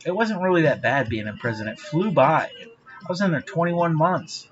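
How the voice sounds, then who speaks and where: A man's voice: fairly high pitch, expressive, moderate pace, a bit bright, faint music behind. Rambling, profane man on lo-fi audio. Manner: profane, rambling, laughs often. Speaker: vlogger. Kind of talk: rambling monologue to camera.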